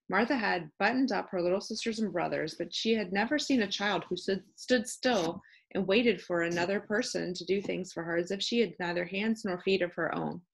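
Low, gravelly woman narrating. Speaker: volunteer audiobook reader. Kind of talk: scripted narration.

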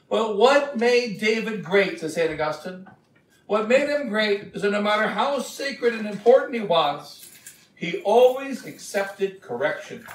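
A man preaching a sermon as a bishop, retelling scripture in a slow, emphatic storytelling way. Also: high voice. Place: church. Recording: echoey church from a distant mic.

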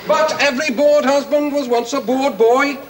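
An actor playing a prim, moralizing English gentleman, pompous and preachy, in a 1970s TV sketch. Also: very high voice, steady tone, normal speed, noisy background.

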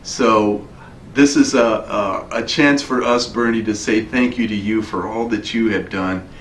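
A man giving an earnest, halting video greeting to a colleague, with many pauses and fillers. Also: fairly low pitch, fairly even intonation. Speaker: diocesan colleague. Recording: echoey room, faint noise.

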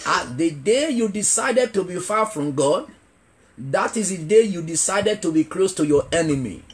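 A man's voice: sits high, lively intonation, moderate pace. Male evangelist preaching emphatically. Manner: call-and-response questioning, repeating key phrases; emphatic, builds to shouting. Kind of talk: revival sermon.

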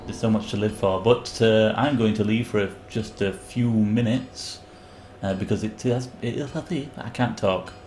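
Man, game streamer, lowish voice, rambling jokey chatter, faint room hum. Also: fairly even intonation, measured pace, a little mellow. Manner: rambling, jokey, breaks into yelps when panicking. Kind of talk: live gameplay commentary.

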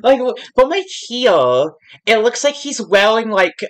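A woman hosting a reaction channel, talking in an excitable, casual way with lots of swearing and filler words. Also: fairly high pitch, slow pace. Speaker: YouTube reaction channel host.

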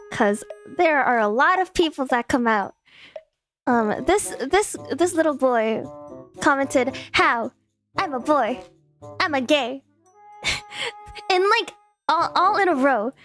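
Very high giggly woman streamer. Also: lively intonation, measured pace, a bit bright, soft background music. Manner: giggly, playful and sarcastic. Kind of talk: casual live-stream chat.

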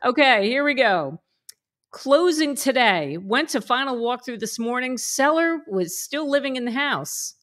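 A woman with a slightly higher voice co-hosting a casual podcast. She reads a post aloud in a playful, chatty tone, breaking off now and then to add her own remarks. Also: lively intonation, unhurried, a bit bright. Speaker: podcast co-host. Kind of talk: casual chat, reading a forum post aloud.

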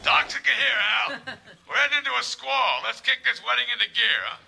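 A rough, bellowing sitcom boat captain, his voice pitched very high and swinging wildly up and down. The tone is harsh and gravelly, with a glaring, piercing edge. He barks his lines over a crackly radio link, brash and impatient. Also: sing-song, brisk, sharp tone, heavily acted. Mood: blustering. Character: gruff bellowing middle-aged male boat captain. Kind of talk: sitcom acting.

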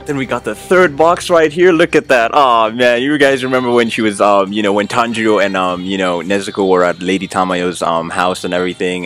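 A man hosting an excited unboxing vlog, gushing over each item, tacking "man" onto his lines and stammering when thrilled. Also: low-pitched. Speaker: unboxing channel host.

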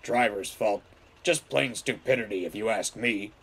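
A man voicing a grumpy, gruff male steamroller who talks in a sullen, snorting way. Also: on the low side, moderate pace. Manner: sullen, snorting, dark chuckle.

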